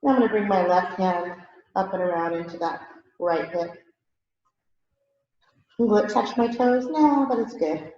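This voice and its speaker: A woman's voice: mid-range voice, a little slow, long pauses. Female yoga instructor, slightly winded, casual coaching, distant mic, big studio echo, dull sound. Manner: relaxed, chatty, laughs at herself. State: out of breath. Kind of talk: guided yoga class instruction.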